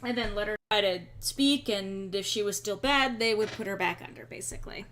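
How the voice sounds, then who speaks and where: A woman's voice: mid-range voice, brisk, fairly bright tone, a little hiss or hum. A young woman streaming a game, chatting casually with sarcastic asides and frequent ums. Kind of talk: casual let's-play chat.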